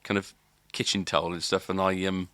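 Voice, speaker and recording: Bright-voiced man telling a story. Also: deep voice, level tone, a little fast, no room sound. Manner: rambling, many restarts and "kind of" fillers. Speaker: podcast co-host. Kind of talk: casual storytelling.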